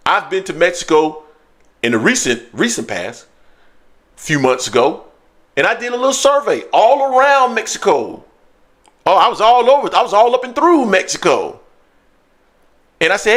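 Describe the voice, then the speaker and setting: A man hosting a casual sports live stream, talking in loose, animated, slangy banter. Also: high voice. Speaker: sports show host.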